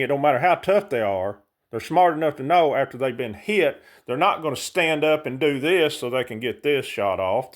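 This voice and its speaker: A man delivering a heated, impassioned monologue straight to his viewers. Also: mid-range voice. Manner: heated, ranting, speaks directly to viewers. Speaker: vlogger.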